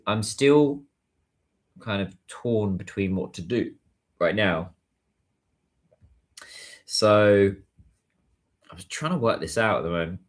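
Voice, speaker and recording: A British man hosts a relaxed livestream, reading messages from viewers and answering them as he goes. His voice sits low, but his pitch swings widely and sounds animated. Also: takes it slowly, pauses often. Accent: British English. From United Kingdom. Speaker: livestream host. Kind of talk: casual livestream chat.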